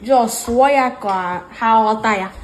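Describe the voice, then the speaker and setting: A woman's voice: on the high side, moderate pace, reverberant, a little hiss or hum. A woman student with a Nigerian Igbo accent, earnestly persuading and switching between Igbo and English.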